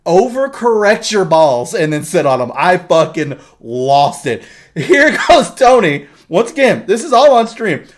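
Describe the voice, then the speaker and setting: A young man chatting on a podcast, his voice sitting a bit high for a man. He tells rambling stories, swears freely and keeps breaking into laughter. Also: unhurried. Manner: animated storytelling, laughs often, swears a lot. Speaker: podcast co-host. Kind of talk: casual podcast chat.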